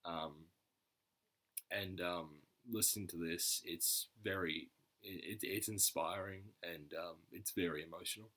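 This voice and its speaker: A man with a deep, low voice and a sharp, tense edge talks through a music reaction video. He stumbles over his words, restarts often and leans on fillers, sounding earnest and choked up. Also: fairly even intonation, a little slow. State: choked up, emotional. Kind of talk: casual reaction commentary.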